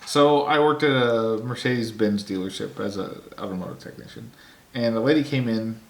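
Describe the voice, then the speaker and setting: A man co-hosting a relaxed podcast, spinning a long anecdote at his own easy pace. His voice sits in the middle range, and he jumps up in pitch whenever he mimics someone. The recording carries a noticeable room echo. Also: moderate pace, creaky. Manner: animated, acts out quotes in a high voice. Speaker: podcast co-host. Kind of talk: casual storytelling chat.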